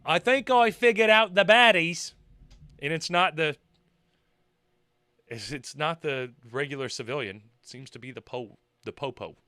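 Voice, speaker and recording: A man's voice: fairly high pitch, a little slow, pushed and bright, clean tone, dry recording. A man giving sarcastic, laughing commentary on a video he is reacting to.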